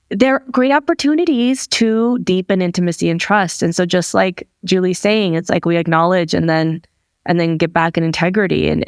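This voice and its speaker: A woman podcast host chats candidly and relaxed, dropping casual swears. Her voice is smooth and clear on the lower side, recorded close and dry. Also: dry recording. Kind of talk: casual interview chat.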